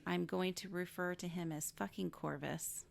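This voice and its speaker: A woman's voice: lowish voice, steady tone, normal speed, gravelly, slight background noise. A woman co-hosting a film podcast, recapping the plot in blunt casual chat, swearing freely and laughing often. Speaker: podcast co-host. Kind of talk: casual movie review chat.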